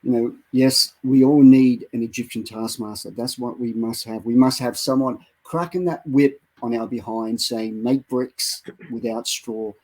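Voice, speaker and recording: A middle-aged man co-hosting a Christian show, preaching with dramatic retellings that build to loud exhortations. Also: medium pitch, fairly even intonation, moderate pace, hardly any pauses, poor audio. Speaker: co-host of a Christian online show. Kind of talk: impassioned preaching and storytelling.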